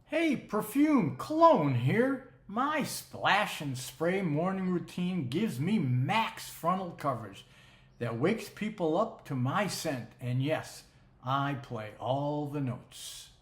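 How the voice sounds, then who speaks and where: A man's voice: on the high side, big pitch swings, slow pace, exaggerated voice. A man voicing a cocky cologne bottle that brags about its strength. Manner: loud, bragging. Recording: roomy echo.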